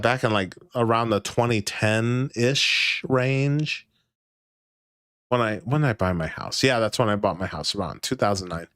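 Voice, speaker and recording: A man's voice: fairly low pitch, measured pace, fairly bright tone, dry recording. Profane, rambling male streamer, dry sound. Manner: profane, rambling, swears often and laughs. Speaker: livestream host. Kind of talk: casual livestream chat.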